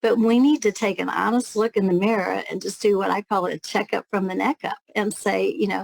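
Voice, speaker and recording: Gravelly candid woman. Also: medium pitch, fairly even intonation, fairly quick, few pauses, a little mellow, no echo, rough recording. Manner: candid, reflective, with light laughs. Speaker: guest, network marketing leader. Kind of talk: conversational interview storytelling.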